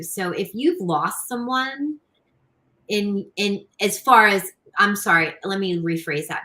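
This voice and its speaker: Podcast guest, female, slow and reflective, bright tone, lowish pitch. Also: rough recording. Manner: reflective, rephrases as she goes. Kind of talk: casual podcast chat.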